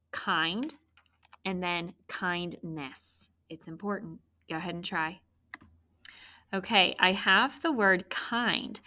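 A woman teacher giving a recorded spelling lesson to children, patient and clear, prompting with questions. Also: medium pitch, bright, forceful tone.

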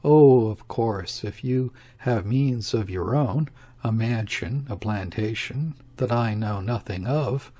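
A man voicing a fussy, anxious older father who talks in urgent rushes. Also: lowish voice, warm tone. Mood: fretful.

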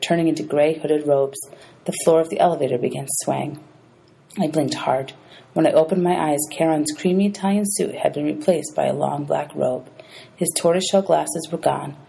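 A woman's voice: low voice, creaky, dark tone, breathy edge, poor audio. A woman teacher reading a novel aloud to her students, announcing page numbers as she goes.

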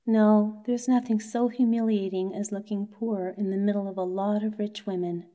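A woman's voice: medium pitch, flat delivery, moderate pace, mellow, natural voice. A woman voicing a petulant, discontented young wife in a bedtime story, sulky and self-pitying.

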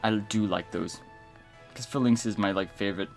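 A man's voice: fairly low pitch, normal speed, faint music behind. Chatty young man streaming a game. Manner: animated, rambling, lots of fillers, reads game text aloud. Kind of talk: casual gaming commentary.

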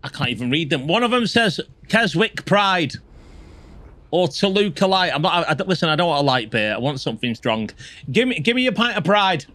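Livestreaming a game, this man speaks a little fast in a fairly high, pushed, bright voice with big swings in pitch. He keeps up chatty talk with his viewers and lets out swears and yelps at sudden scares.

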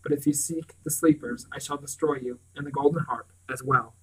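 A man reading the lines of a vast misty dark lord, cold, menacing and sibilant. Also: on the high side, fairly even intonation, a little fast, breathy edge, far from the mic, poor audio. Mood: cold threat.

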